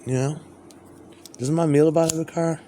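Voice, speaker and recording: A man's voice: fairly high pitch, steady tone, normal speed, mellow, slight background noise. A man delivering a rambling, crude spoken monologue, with stammering restarts.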